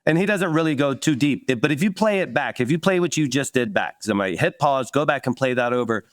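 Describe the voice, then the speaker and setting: A man hosting a podcast interview in a relaxed, thoughtful tone. He shares his own sales stories and often answers his guest with short affirmations. His voice has a middle pitch and the sound is dry and close. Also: quick pace, no echo. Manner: conversational, reflective, frequent affirmations. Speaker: podcast host.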